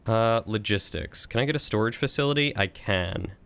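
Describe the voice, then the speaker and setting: A man's voice: lowish voice, moderate pace, fairly bright tone, clean tone. A man casually thinking aloud while streaming a strategy game, chatting with and thanking his viewers. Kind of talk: casual live-stream commentary.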